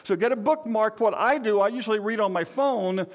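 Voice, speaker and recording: Older male pastor, high voice, rambling folksy sermon style. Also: fairly quick. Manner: conversational, rambling with frequent restarts and asides.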